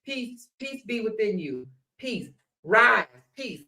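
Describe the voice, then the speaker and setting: A woman mocking a male panelist who swings from whiny, soft pleading to screaming, profane rage. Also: on the high side, lively intonation, slow pace, full character voice. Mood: meek pleading.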